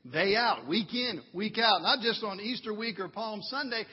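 Pastor guy preaching, high kinda husky voice, slow and earnest, big echoey church, muffled recording. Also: animated. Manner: earnest, swells to fervent emphasis. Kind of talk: sermon. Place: church sanctuary.

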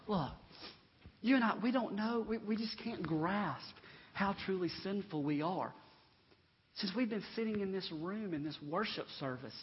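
A man preaching in a church, with a fairly high voice that sounds slightly husky. He swings between loud, emphatic declarations and quiet, confiding asides. The recording is dull and lo-fi, with a long reverb tail from the sanctuary. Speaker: pastor. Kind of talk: sermon.

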